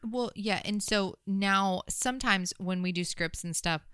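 Bright, smooth-voiced woman co-host. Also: mid-range voice, measured pace, no room sound, clean studio sound. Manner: reflective, storytelling, chatty with fillers. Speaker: podcast co-host, experienced real estate agent. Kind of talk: casual chat.

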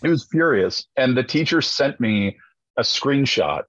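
Male teacher, casual talk, husky, animated storyteller, dry lo-fi sound. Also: medium pitch, measured pace, no echo. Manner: animated storyteller, acting out his own drill-sergeant lines in a raised voice. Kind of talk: casual chat. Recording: dull, dry lo-fi recording.

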